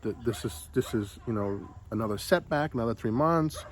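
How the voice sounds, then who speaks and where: A man's voice: medium pitch, expressive, moderate pace, slight background noise. A man from the United States venting in a casual vlog, frustrated, swearing and repeating himself. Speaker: vlogger. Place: home in the Philippines.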